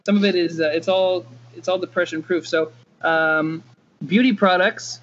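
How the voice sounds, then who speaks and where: A man's voice: high voice, fairly even intonation, normal speed, fairly bright tone. A man co-hosting a podcast, arguing his point insistently in casual chat. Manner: insistent, argumentative. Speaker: podcast co-host. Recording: dull lo-fi podcast audio.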